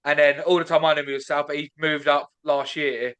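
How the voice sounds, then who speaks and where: A man from Britain hosts a podcast in casual chat. His voice is smooth and clear and pitched a little high. He probes and playfully challenges his guest's points. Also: level tone, fairly quick, a bit bright. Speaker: podcast host.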